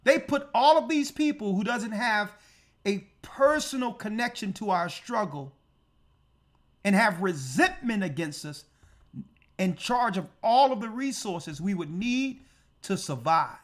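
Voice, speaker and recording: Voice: mid-range voice, lively intonation, a little slow. A church elder preaching on prophecy, emphatic and full of rhetorical questions. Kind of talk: prophecy teaching sermon.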